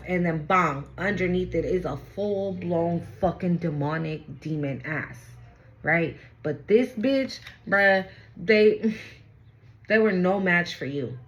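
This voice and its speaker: In a rough recording, a tarot reader with a fairly low-pitched voice does a casual reading to camera. She speaks bluntly, curses freely, repeats phrases to make her points, and asks "right?" repeatedly.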